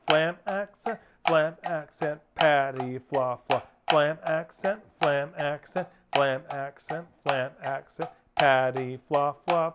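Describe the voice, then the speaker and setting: A man's voice: on the high side, background noise. A man teaching a drum lesson, explaining strokes and counting off and calling out sticking patterns as students play.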